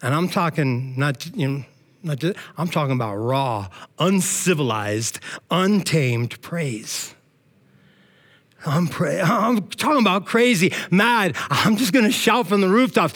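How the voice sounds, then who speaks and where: A middle-aged male pastor preaches with a high, bright voice. He talks in casual slang and keeps climbing into loud shouts of praise, rousing his church. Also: animated, measured pace. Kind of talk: energetic sermon.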